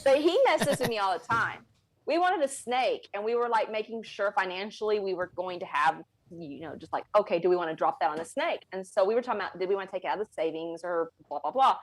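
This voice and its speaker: A woman guest on a casual podcast, telling stories in an animated way and laughing often. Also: medium pitch, fast, dry recording.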